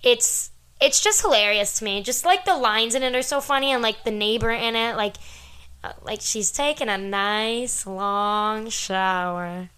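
A woman co-hosting a casual podcast, quick and playful, often cutting in. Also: a little high, a bit bright, smooth. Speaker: podcast co-host.

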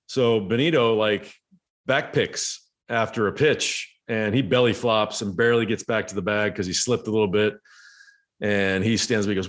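Man, middle-aged, low voice, relaxed anecdotal storytelling, former ballplayer. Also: moderate pace. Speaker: former baseball player, guest. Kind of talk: casual storytelling.

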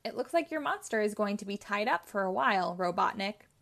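A cocky, fast young hedgehog hero from a children's storybook, sure of himself and bold, as a woman reading aloud puts him on. Her voice stays near her own middle pitch, with a quick, confident push. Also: animated, gravelly, a bit bright.

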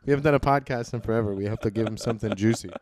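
A man's voice: lowish voice, rapid-fire, a little mellow, no room sound, clean studio sound. A man co-hosting a podcast in casual chat, joking and swearing, poking fun at himself. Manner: joking, profane, self-mocking. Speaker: podcast co-host.

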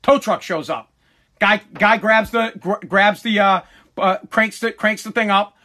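A man's voice: high voice, unhurried. A man telling a long personal story in a casual, profane way, swearing freely and tripping over his words as he goes. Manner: animated, swears freely, stumbles and repeats words.

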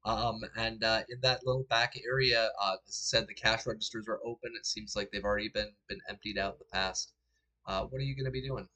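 A man narrating a tabletop game as game master in a relaxed, chatty way with frequent fillers. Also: on the low side, brisk.

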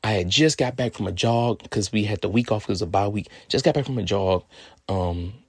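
A man from California in his twenties, telling a personal story in a profane, animated way. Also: lowish voice, fairly quick, slightly rough, dry recording, clean studio sound.

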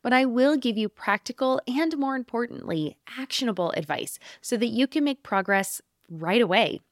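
A woman's voice: fairly high pitch, expressive, normal speed, dry recording, clean studio sound. A woman reading a scripted promotion for her podcast in an upbeat, friendly, persuasive way. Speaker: podcast host.

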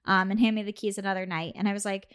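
A woman's voice: medium pitch, racing, smooth. A woman co-hosting a podcast, telling a personal story in casual chat and acting out the quoted dialogue. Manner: animated, acts out quoted dialogue, laughs often. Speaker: podcast co-host.

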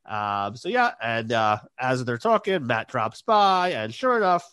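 A man's voice: mid-range voice, very animated, a little slow, pushed and bright, smooth, no room sound. A man co-hosting a podcast, hesitantly retelling scenes of a TV episode in casual chat. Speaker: podcast co-host.

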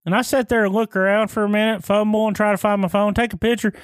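High-voiced, profane man in his thirties. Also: quick pace, no room sound. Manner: profane, animated anecdotes. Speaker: podcast co-host. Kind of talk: casual podcast chat.

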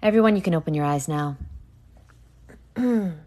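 A young woman hosting a solo podcast, ranting with heavy profanity and swinging between hushed asides and loud outbursts. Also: fairly low pitch, expressive, moderate pace. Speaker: podcast host.

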